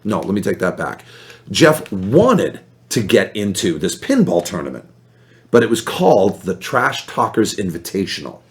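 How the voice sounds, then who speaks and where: Male podcast guest, casual storyteller, lively swooping pitch, plays every quoted voice. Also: normal speed. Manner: animated, acts out quoted voices with big pitch jumps.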